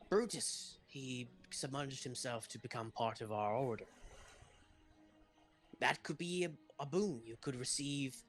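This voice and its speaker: Game master, male, steady and formal in tone. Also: mid-range voice. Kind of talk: narrating a tabletop game.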